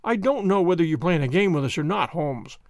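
A man reading a story aloud, voicing a blunt, irritable police inspector with a gruff manner. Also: a little high, expressive, fairly quick, no echo, clean studio sound. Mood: angry. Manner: gruff and impatient. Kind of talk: audiobook character voice.

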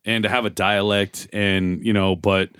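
A man's voice: lowish voice, level tone, moderate pace, fairly bright tone, clean tone, no echo, studio quality. A man co-hosting a podcast in casual chat, swearing and laughing as he tells stories. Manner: profane, laughing storyteller. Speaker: podcast co-host.

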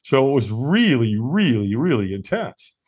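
A man in his sixties from the United States, a podcast guest telling his own story in an earnest, animated way with frequent fillers and restarts. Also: mid-range voice, a little slow, breathy edge. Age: 60s. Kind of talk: conversational storytelling interview.

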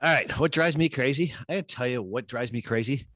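A man's voice: medium pitch, brisk, a bit bright, no echo. A man co-hosting a casual sports podcast, ranting with lots of restarts and repeated words. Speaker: podcast co-host.

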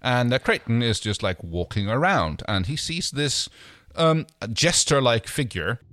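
A man's voice: medium pitch, sing-song, measured pace, fairly bright tone, no room sound. A man casually recapping a TV episode as a podcast co-host, rambling and hesitant.

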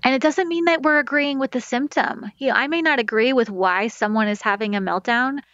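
A woman's voice: a little high, fairly quick, fairly bright tone, smooth, dry recording. A woman speaks as an expert guest on a talk show, explaining anxiety and feelings in plain conversational terms. She often acts out inner self-talk in quotes and reaches for metaphors. The sound is slightly dull and lo-fi, with a dry, close room. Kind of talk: conversational podcast advice.

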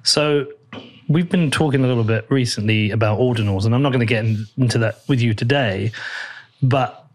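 A man hosts a relaxed podcast conversation. His talk is chatty and teasing, and he swears now and then as he jokes with his guest. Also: medium pitch, a little fast. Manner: chatty, joking, swears casually. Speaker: podcast host. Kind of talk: casual podcast interview.

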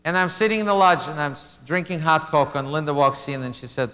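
A middle-aged man from Russia, telling a self-mocking stand-up story with loud gasping laugh bits. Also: a little high, quick pace. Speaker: stand-up comedian. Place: live comedy venue. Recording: reverberant live hall with crowd noise. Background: audience laughter and room ambience.

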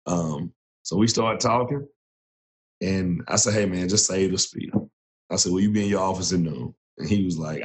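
A man in his thirties, a former Marine turned coach, telling his story in a relaxed, casual way with frequent laughs. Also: lowish voice. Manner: relaxed, laughs often, restarts sentences.

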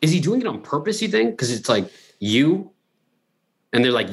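Podcast co-host, male, slightly rough voice, chatty, restless, swears freely. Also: medium pitch, normal speed. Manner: rambling, animated, lots of restarts and profanity. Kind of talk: casual podcast banter.

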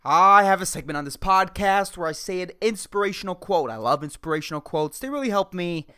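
A man's voice: high-pitched, expressive, fairly quick, sharp tone, clean tone. Sarcastic profane man ranting solo. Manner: profane, sarcastic, laughing at his own jokes. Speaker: podcast host. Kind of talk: solo podcast rant.

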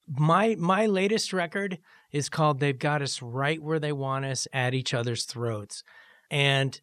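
A middle-aged rock musician talks in an animated, profane rush, his voice sitting a little high. The sound is dry and close. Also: dry recording. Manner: animated, profane, jumps into loud mock voices. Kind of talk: casual interview talk.

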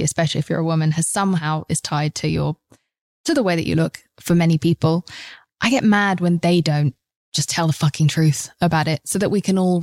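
A woman's voice: fairly low pitch, a little mellow, dry recording, clean studio sound. A woman hosting a podcast who speaks frankly and passionately, swearing freely in a casual monologue. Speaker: podcast host.

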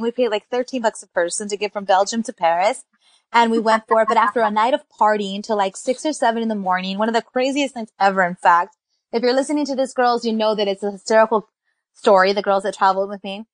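A woman's voice: medium pitch, fast talker, dry recording. A woman co-hosting a casual podcast chat, talking with enthusiasm and dropping in Spanish phrases. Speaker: podcast co-host.

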